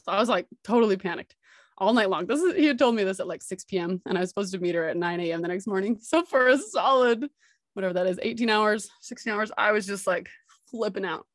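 A woman hosting a podcast, telling a personal story in an excitable, gushing, animated way. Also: mid-range voice, fast, dry recording, studio quality. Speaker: podcast host.

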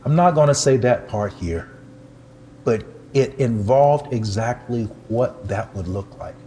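An older man, a pastor, telling a personal testimony in an animated, humorous way and poking fun at himself. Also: mid-range voice, measured pace, slight background noise. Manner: animated, humorous, self-deprecating storyteller.

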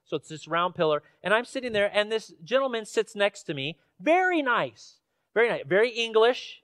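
A man from Washington State preaches in a church, his voice notably high. He tells stories in a relaxed, chatty way with ums and uhs, then presses emphatic questions. The sound is close and dry. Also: normal speed, no room sound. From Washington State, USA. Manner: conversational storytelling with fillers, rising to emphatic questions. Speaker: pastor. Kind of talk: sermon. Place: church sanctuary.

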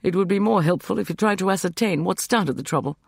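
A man's voice: high-pitched, fast, vocal fry, dry recording, studio quality, voice pushed up. A man voicing a resentful young man who speaks in terse, cutting sentences.

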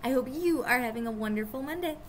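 A woman teacher reading a children's chapter book aloud to her students, expressive and storytelling. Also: sits high, fast talker, slight background noise.

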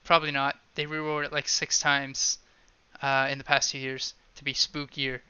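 Male gamer, wry and offhand, very bright tense tone, slightly dull dry recording. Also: medium pitch, flat delivery, normal speed, clean tone, no echo. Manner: wry, offhand reading of game lines. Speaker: let's play gamer. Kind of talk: casual game playthrough, reading dialogue aloud.

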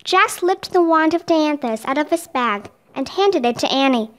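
A woman reading a children's chapter book aloud, narrating clearly and expressively. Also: high voice, animated, normal speed, fairly bright tone. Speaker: storybook reader.

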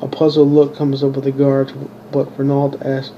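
A man reading his own fantasy story aloud in a plain, monotone way, stumbling and restarting now and then. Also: mid-range voice, moderate pace, muffled recording, slight background noise. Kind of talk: unpolished audiobook narration.

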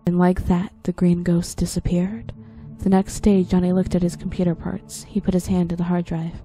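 A woman narrating a creepy audiobook story in a low, gravelly storytelling voice. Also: little pitch movement, moderate pace, dark tone, faint music behind. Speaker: story reader.

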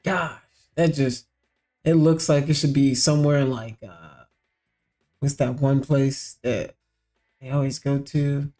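A man's voice: medium pitch, fairly even intonation, takes it slowly, pauses often, warm tone. A man hosting a commentary show, mocking and sarcastic, mixing slang with asides, with faint music behind. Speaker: show host.

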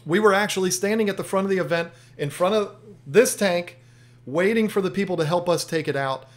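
A man's voice: high-pitched, fairly quick. A man hosting an aquarium channel, telling a story in casual chat, often restarting and repeating himself.

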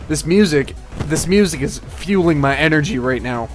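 A man casually commenting on his gameplay, rambling and excitable, swearing at enemies. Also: a little high, moderate pace. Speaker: gaming channel host. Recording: faint game music behind. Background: game music.

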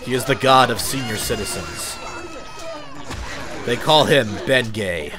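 A man's voice: mid-range voice, unhurried, music in the background. A man doing profane, joking commentary over a video game he is playing. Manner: profane, excitable, sarcastic jokes while playing. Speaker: let's play commentator. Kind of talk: gameplay commentary.

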